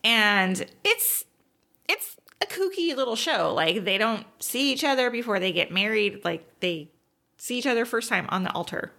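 A woman co-hosting a podcast, chatting casually and enthusiastically about TV shows she has been watching, with lots of "like" and quick asides. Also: fairly high pitch, big pitch swings, creaky, sharp tone. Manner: chatty and enthusiastic, many fillers. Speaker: podcast co-host.

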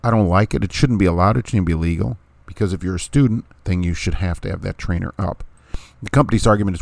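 A man with a deep, low voice hosts a casual podcast. He talks bluntly and sarcastically and keeps repeating his point for emphasis. The sound is dry and close, with no room around it. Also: quick pace, gravelly, dry recording. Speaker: podcast host.

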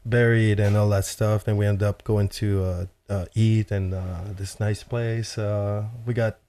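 A man's voice: on the low side, a little slow, clear, resonant tone. Guy telling a travel story, super casual, lots of "like", swears a bit. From Chile. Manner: animated, swears casually, heavy use of "like".

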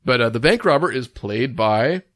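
A man's voice: mid-range voice, animated, moderate pace, a bit bright, dry recording, studio quality. A man co-hosting a podcast in casual chat, rambling with lots of "like" fillers and restarts. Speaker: podcast co-host.

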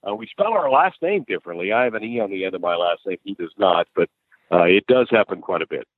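A lower-pitched man from the American Midwest, a sportscaster telling animated stories with quick restarts. His voice comes over a thin, phone-like line with almost no room sound. He talks casually and easily. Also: no room sound. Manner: animated storyteller, frequent restarts and laughs. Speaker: sportscaster guest. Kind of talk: conversational interview storytelling. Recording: dry, phone-like narrow line.

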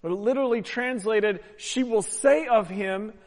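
A man preaching a sermon as pastor, emphatic and swelling louder on key phrases. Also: sits high, unhurried. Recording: long hall reverb.

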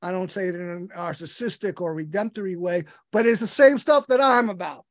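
A man's voice: high voice, brisk, no echo. A man hosting an interview, enthusiastic and rambling, with many restarts as he introduces his guest. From United States. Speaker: podcast host.

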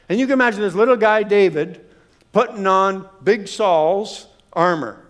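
A male preacher giving a sermon, emphatic and animated, telling humorous stories and repeating phrases. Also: high-pitched, moderate pace.

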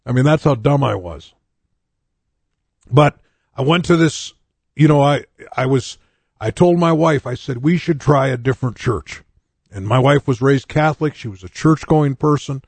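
A man's voice: mid-range voice, gravelly, a little mellow, husky, no room sound. A man in his sixties, a pastor from North Dakota, giving his personal testimony in a sermon in a candid, conversational way, with frequent restarts and wry jokes at his own expense. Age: 60s.

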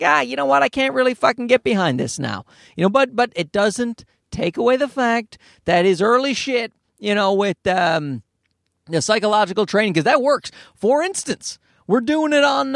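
Talking into a microphone outdoors or near a road, a male host runs a loose solo podcast in a high voice with gravelly fry. He wanders from one story to the next, cursing freely and throwing in sarcastic asides. The recording is dry, with little room sound.

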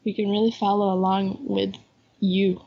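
A woman co-hosting a podcast in casual chat, upbeat and giggly, with a head cold that makes her voice a little husky. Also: medium pitch, little pitch movement, moderate pace, dry recording, highs cut off. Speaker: podcast co-host.

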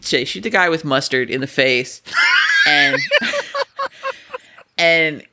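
A man's voice: on the high side, takes it slowly, raised voice, heavy background noise. A man co-hosting a podcast, recapping a movie plot casually, laughing and swearing often. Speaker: podcast co-host. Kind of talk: casual chat, movie review.

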